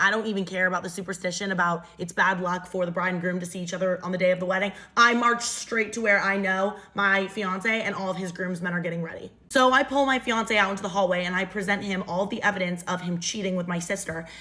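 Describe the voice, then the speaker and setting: A woman's voice: medium pitch, bright, forceful tone. A young adult woman casually retelling a dramatic personal story in first person, storytime style. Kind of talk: storytime narration.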